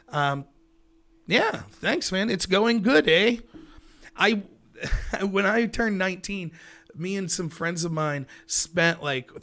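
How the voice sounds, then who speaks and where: A man's voice: on the high side, fairly bright tone. A man in his thirties with a Pittsburgh accent, hosting a livestream and chatting loosely with viewers. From Pennsylvania, USA. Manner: rambling, loose, chuckling often. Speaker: livestream talk show host. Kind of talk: casual solo chat with viewers. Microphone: headset.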